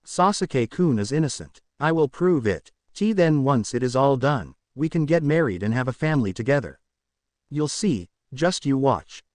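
A man's voice: medium pitch, lively intonation, moderate pace, darkish tone, dry recording, clean studio sound, close to an everyday voice. A man reading the part of a devoted, desperate young woman ninja. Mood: pleading.

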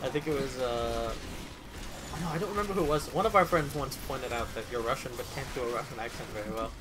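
A man's voice: medium pitch, fast talker. A man chatting casually while playing a co-op game, joking, swearing and laughing a lot. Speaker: gamer on a co-op session. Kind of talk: casual gaming chat. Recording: noisy background.

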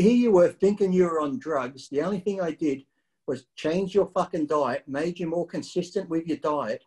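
A man's voice: a little high, rough recording. A middle-aged man telling a story in casual conversation, blunt and swearing freely as he recounts it. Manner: blunt, profane, animated storyteller. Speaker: guest bodybuilder.

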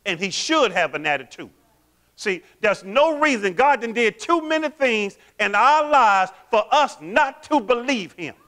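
Man, pastor, sermon, bright forceful tone, call-and-response questions. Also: sits high, a little slow. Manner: animated, quizzes the congregation with call-and-response questions.

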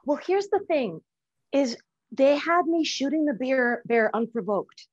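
A middle-aged woman talking casually on a video call as an interview guest, animated and acting out quoted lines. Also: sits high, measured pace, lo-fi sound. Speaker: actress guest.

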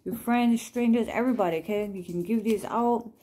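A woman chatting gently through scripture cards at home, reading verses and prayers aloud and apologizing with a laugh. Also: fairly high pitch, a little fast, a little hiss or hum. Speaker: Christian vlogger sharing scripture cards. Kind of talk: casual devotional chat with read-aloud scripture and prayers.

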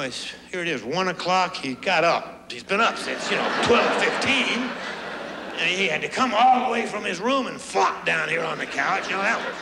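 A man's voice: fairly high pitch, creaky. A middle-aged man doing a stand-up comedy routine on a club stage, acting out voices as he tells his stories. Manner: animated, acts out voices. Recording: roomy live club recording with crowd and noise. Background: laughing audience.

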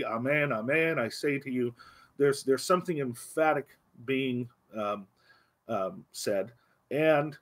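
Man, husky tone, leads a church Bible study with earnest emphasis. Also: mid-range voice. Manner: earnest, emphatic, slows down on key phrases. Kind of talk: adult Bible class teaching. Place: church classroom. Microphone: livestream microphone.

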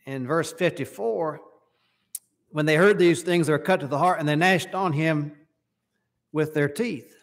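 A man's voice: fairly high pitch, a little slow, pauses often. A man preaching a sermon in a church service, reading scripture passages aloud and asking the congregation questions. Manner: reads scripture aloud in King James wording, asks the hearers questions.

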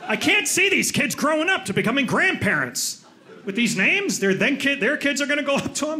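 A man doing stand-up comedy on a club stage, animated and slipping into mimicked voices for quotes. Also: very high-pitched, a little fast, background noise.

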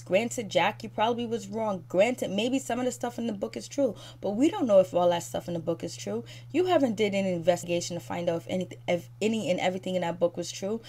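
A woman's voice: mid-range voice, a little mellow. A woman giving a fired-up, critical recap of a reality show, speaking straight at the cast and leaning on fillers like "so anyways". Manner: repeats fillers like "so anyways" and "you know". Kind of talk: ranting recap commentary.

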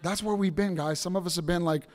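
High-voiced, emphatic male preacher. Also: fairly even intonation, fast talker, in a large hall. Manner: emphatic, bursts into shouts, acts out stories. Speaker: pastor. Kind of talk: sermon.

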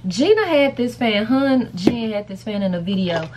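A woman's voice: fairly high pitch, expressive, moderate pace, noisy background. A woman chatting casually to camera in a rambling vlog, calling her viewers y'all and baby. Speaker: vlogger.

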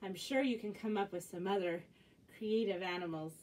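In a children's music and movement class, a Canadian woman librarian guides young kids through animal games and action rhymes, her delivery cheerful and sing-song. Her voice is medium in pitch with a darkish tone, at normal speed, and she sounds distant from the mic.

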